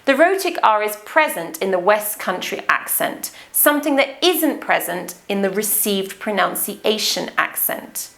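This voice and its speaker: Slow, careful RP English woman teacher. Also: mid-range voice, animated, creaky, a bit bright. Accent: English received pronunciation. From England. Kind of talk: accent lesson.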